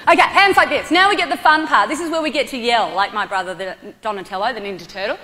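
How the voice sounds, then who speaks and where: Speaking fast in a voice on the high side, this Australian woman motivates a young audience as a guest speaker and martial arts athlete. She runs a demonstration, playfully and energetically shouting commands, her voice echoing through a large, reverberant hall.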